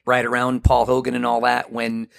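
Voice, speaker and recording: A man's voice: mid-range voice, monotone, vocal fry. A man co-hosting a podcast, cracking jokes and laughing in casual chat. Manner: wisecracking, quick to laugh. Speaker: podcast co-host.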